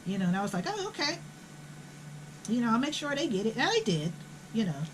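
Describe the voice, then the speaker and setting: A woman's voice: medium pitch, very animated, rapid-fire, slight background noise, poor audio. An older woman, telling a family story in a blunt, profane, indignant way. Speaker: host. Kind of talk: casual storytelling.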